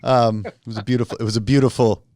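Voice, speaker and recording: A man hosting his podcast, relaxed and joking yet blunt when he argues a point. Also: medium pitch, quick pace, no echo, studio quality. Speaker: podcast host. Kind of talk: casual conversational interview.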